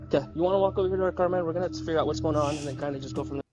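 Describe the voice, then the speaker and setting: A police officer recorded on a body camera, giving calm, reassuring commands. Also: male voice, fairly high pitch, rapid-fire. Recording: dull lo-fi body-cam audio with music over it.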